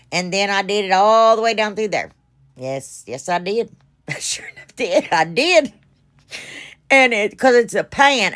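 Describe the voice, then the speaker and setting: A middle-aged woman with a drawl talks through her craft project in a fairly low voice. She rambles, pokes fun at herself and scatters fillers as she goes. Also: a bit bright. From United States. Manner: rambling, self-deprecating, chatty with fillers. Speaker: craft channel host. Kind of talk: casual crafting voice-over.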